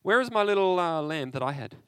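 A man preaching an interactive sermon, animated and conversational, often asking his listeners questions. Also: high-pitched, brisk, smooth, dry recording.

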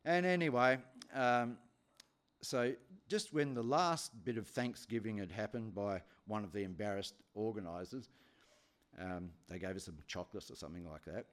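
A man's voice: on the low side, moderate pace. A man preaching a sermon, telling a story with many repetitions.

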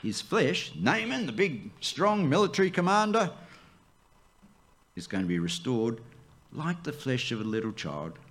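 A man, the church's pastor, preaching a sermon, swooping up high for emphasis and dropping to a near hush. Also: sing-song, a little slow.

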